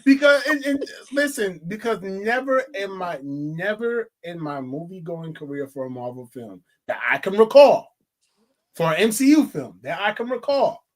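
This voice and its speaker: A woman co-hosting a casual movie review podcast. She talks animatedly, swears freely and hammers her points home by repeating herself. Her voice sits at a middling pitch. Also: normal speed. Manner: animated, profane, repeats phrases for emphasis. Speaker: film review co-host.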